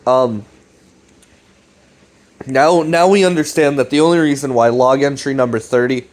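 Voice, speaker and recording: A man's voice: medium pitch, moderate pace. A man casually rambling through a recap of a web series, with lots of fillers, restarts and swearing.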